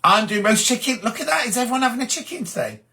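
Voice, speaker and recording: A man's voice: very high voice, expressive, fast, sharp tone. A middle-aged man from England chatting casually on a live stream, reading viewers' comments aloud and answering them. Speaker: host of a sewing live stream.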